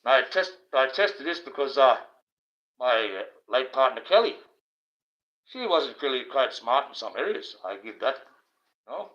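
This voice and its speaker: A man's voice: medium pitch, big pitch swings, a little slow, long pauses. A man, hosting a livestream and ranting in a rambling, profane monologue. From Australia. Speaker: livestream host. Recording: dull lo-fi stream audio.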